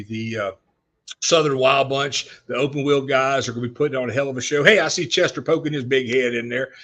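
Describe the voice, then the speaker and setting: A man's voice: medium pitch, fairly bright tone. A middle-aged man hosting a casual live-stream chat show from his workshop. He rambles, with lots of "uh" and restarts, and he keeps fighting off a cough. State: coughing spells. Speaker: show host.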